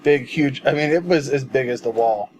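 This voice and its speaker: A man's voice: mid-range voice, normal speed, darkish tone, a little hiss or hum, low-quality recording. A man co-hosting a casual movie podcast, telling rambling stories with a joking tone and frequent laughs. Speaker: podcast co-host. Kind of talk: casual chat.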